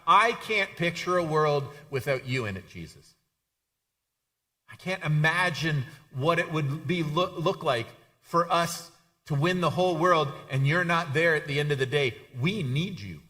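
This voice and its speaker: A man's voice: on the high side, unhurried, pushed and bright. A man voicing an anxious, devoted male disciple who begs his teacher not to die, stammering and repeating himself. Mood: pleading.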